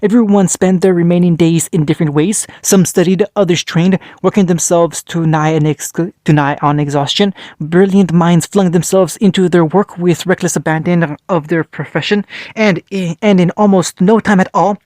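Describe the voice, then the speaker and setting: A man's voice: sits high, steady tone, normal speed, a little mellow, no echo, clean studio sound. A man narrating a fan fiction story in a plain reading style, with frequent small restarts.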